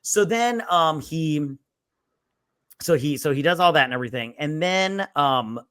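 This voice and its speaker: A man's voice: fairly high pitch, animated, unhurried, fairly bright tone, clean tone, no echo, studio quality. A man hosting a casual movie review podcast, retelling a plot in a rambling, profane way. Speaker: podcast host.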